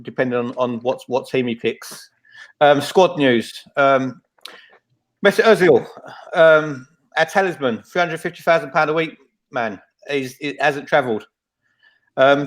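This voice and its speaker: A man hosting a casual football fan podcast, laid-back and self-mocking, with many ums. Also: medium pitch. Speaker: podcast host.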